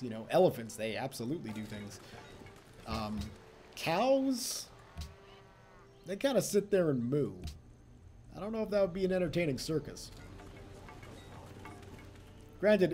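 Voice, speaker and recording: Young male let's-play host, mellow tone, lively swinging pitch, faint music underneath. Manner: chatty, self-mocking, laughs often. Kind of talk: casual gameplay commentary.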